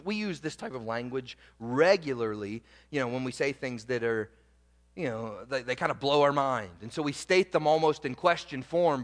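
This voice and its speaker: A man with a high voice delivers a sermon as pastor. He swings from loud, emphatic proclaiming down to quiet, low asides. His voice rings with the long reverb of a church hall.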